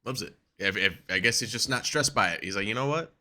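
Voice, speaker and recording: A man's voice: low-pitched, fairly quick, few pauses, bright, forceful tone. A man co-hosting a wrestling podcast, chatting casually, swearing freely and laughing often as he acts out quotes. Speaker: podcast co-host.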